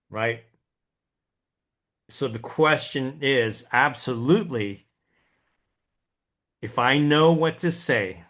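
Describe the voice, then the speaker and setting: A man teaching a class on generating leads, talking casually and acting out his own thoughts and quotes, often asking the audience "right?". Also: mid-range voice. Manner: animated, acts out his own inner voice and quotes; folksy, addresses the audience with tag questions. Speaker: real estate sales coach. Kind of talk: lively class talk.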